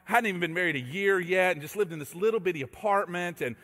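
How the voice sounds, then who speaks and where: Man, pastor, sermon, animated storyteller, acts out voices, high voice, long hall reverb. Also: quick pace.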